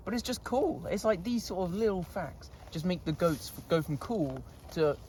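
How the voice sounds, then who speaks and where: A man's voice: high voice, animated, measured pace, a little mellow, slight background noise. A man chatting casually to camera outdoors in a goat pen, laughing often and scolding his animals. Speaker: vlogger. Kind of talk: casual vlog talk.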